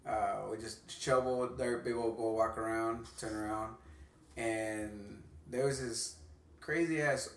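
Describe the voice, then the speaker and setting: A man who is a boxer, chatting in a laid-back, profane, halting way as a guest. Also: lowish voice, fairly even intonation. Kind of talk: casual chat. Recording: roomy, distant mic.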